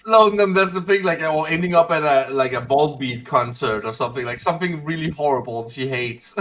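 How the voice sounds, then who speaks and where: Higher voiced dude playing a tabletop game, joky, trips over his words. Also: fairly quick. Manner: animated, stammering, joking. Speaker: player. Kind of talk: casual tabletop game chat.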